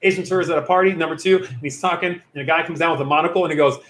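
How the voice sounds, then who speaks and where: Chatty youth pastor, echoey room. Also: male voice, on the high side, steady tone, racing, fairly bright tone. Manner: rambling, chatty, self-interrupting. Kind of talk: casual livestream Q&A. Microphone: computer or phone mic on a video stream.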